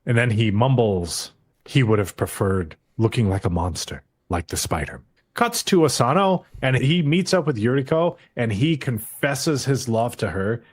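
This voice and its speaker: A man's voice: medium pitch, expressive, moderate pace, husky. A man talking through an episode recap in an easygoing podcast chat, with a mid-range voice. He keeps the plot rolling in a loose, joking way and swears now and then. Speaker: podcast co-host. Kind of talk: casual anime episode recap.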